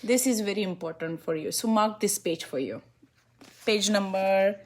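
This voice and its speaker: A woman's voice: mid-range voice, moderate pace, slight background noise. Woman physician giving patient instructions. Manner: instructive, repeats key instructions, laughs easily. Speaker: Ayurvedic physician. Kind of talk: one-on-one consultation with a client.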